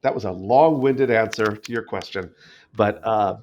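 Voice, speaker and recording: A middle-aged actor from New York, a podcast guest who tells anecdotes in a rambling way with many restarts. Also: male voice, on the low side, moderate pace, a little mellow, a little hiss or hum. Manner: rambling, frequent restarts, storytelling. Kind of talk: casual interview anecdotes. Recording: slightly dull lo-fi podcast audio.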